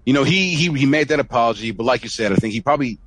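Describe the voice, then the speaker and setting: A man's voice: mid-range voice, expressive, racing, no echo. A man co-hosting a casual podcast chat, hesitant and curious, often restarting his sentences. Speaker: podcast co-host.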